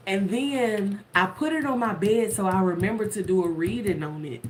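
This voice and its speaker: A woman telling a spiritual story casually to her viewers, animated and laughing often. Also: mid-range voice, moderate pace. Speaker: tarot content creator.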